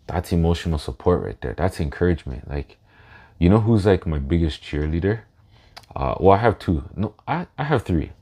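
A man in his thirties hosting a solo podcast in a casual way, slow and reflective, pausing to gather his thoughts. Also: low-pitched, sing-song, mellow, husky. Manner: emotional, laughs through his words. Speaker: podcast host.

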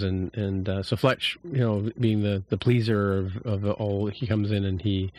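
Low, gravelly man recapping an episode. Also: little pitch movement, moderate pace, a little mellow. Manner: rambling, many fillers and restarts. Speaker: podcast host.

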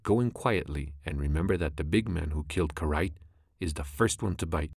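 A man's voice: a bass voice, brisk, vocal fry, a little mellow, husky, no room sound, studio quality, exaggerated voice. A man voicing a cunning, ruthless female cobra in a storybook reading, scheming and commanding.

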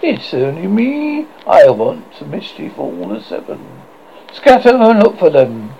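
A man's voice: a little high, huge pitch swings, unhurried, creaky, slightly rough, exaggerated voice. Captain Hook, a brooding pirate villain, read by a man. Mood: dark. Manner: passionate, dark, threatening. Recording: dull lo-fi recording.

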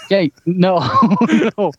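A man co-hosting a podcast in casual chat, joking and bantering playfully. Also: high-pitched. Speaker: podcast co-host.

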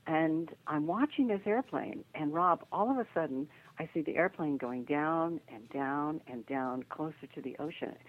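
An older woman, a psychic guest, telling a story in an animated way over the phone. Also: low voice, moderate pace, hardly any pauses. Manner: lively narration with acted quotes and laughter. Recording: tinny phone line.

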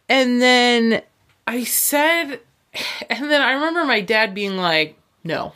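A woman's voice: on the high side, a little slow. A young woman telling a personal story in casual chat, acting out the voices of her family and filling her speech with "like". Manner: animated, acts out quoted voices, lots of "like".

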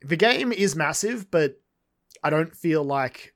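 A man who is a guest on a podcast, chatting casually in a relaxed, rambling way that often trails off. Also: fairly high pitch, slow. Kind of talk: casual chat.

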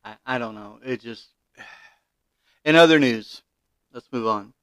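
Male podcast host, opinionated commentary, smooth voice, indignant with stumbling restarts. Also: medium pitch, takes it slowly, a bit bright, dry recording. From Kentucky, USA.

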